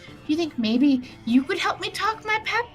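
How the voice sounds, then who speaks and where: A woman puts on a dim, earnest young jock quarterback who rambles like a bro. The voice rides higher than her own, with lively swings of pitch. Faint music sits behind. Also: moderate pace.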